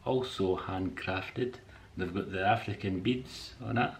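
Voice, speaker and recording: A man's voice: sits low, measured pace, slight background noise. A man chatting casually in a vlog, friendly and rambling, showing items from a shopping haul at home. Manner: rambling and friendly, with hesitations and chuckles. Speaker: artist and eBay seller showing a shopping haul. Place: indoors at home.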